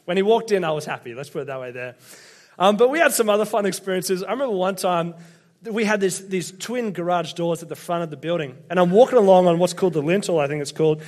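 Man, Australian accent, young adult, slightly high voice, casual chatty sermon, self-deprecating storyteller. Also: fast talker, a little mellow. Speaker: preacher. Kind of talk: casual sermon with personal stories. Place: church hall with congregation.

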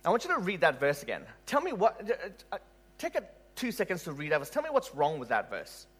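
A man preaching An animated male preacher delivering a sermon. His voice sits a little high and swings widely in pitch. He keeps throwing rhetorical questions at the listeners. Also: brisk, slightly rough. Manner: animated, rhetorical questions, laughs at own story.

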